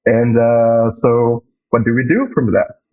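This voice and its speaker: A man co-hosting a podcast, chatting casually and answering with short relaxed replies. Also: mid-range voice, a little slow. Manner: relaxed, brief backchannels. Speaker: podcast co-host. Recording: tinny phone-like remote line.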